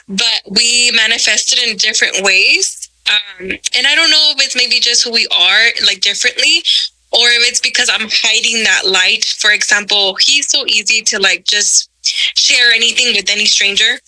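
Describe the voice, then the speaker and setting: A woman's voice: on the high side, moderate pace, sharp tone, rough recording. A woman in a group session, talking chattily and thinking aloud with fillers. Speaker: group participant.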